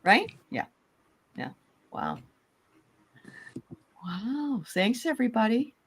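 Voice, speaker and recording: A woman's voice: low-pitched, lively intonation, unhurried. A woman hosting a live group dream reading, chatting freely and reading out viewers' dreams. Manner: chatty, warm interjections and fillers.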